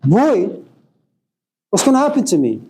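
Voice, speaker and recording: Man doing a fretful, high-pitched cartoonish chicken, whiny and exasperated. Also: huge pitch swings, a little slow, mellow, slight background noise, exaggerated voice. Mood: alarmed. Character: indignant male chicken in a cooking pot.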